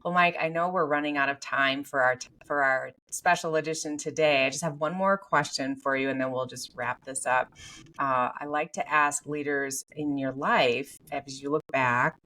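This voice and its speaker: A woman's voice: deep voice, steady tone, normal speed, sharp tone. A woman hosting an interview podcast, eager and full of affirmations as she asks her questions. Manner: enthusiastic, frequent affirmations. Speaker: podcast host. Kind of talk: casual interview talk.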